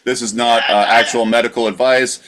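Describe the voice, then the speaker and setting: A man co-hosting a podcast, calmly wrapping up segments and reading out sources. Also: medium pitch, brisk, slight background noise. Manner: dry, wraps up segments. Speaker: podcast co-host. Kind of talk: casual podcast banter.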